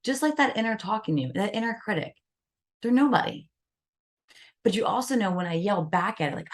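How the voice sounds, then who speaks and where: Lively woman coaching on self-love. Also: medium pitch, a little fast, pauses often. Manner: animated, acts out inner voices. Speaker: guest wellness coach. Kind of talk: podcast interview.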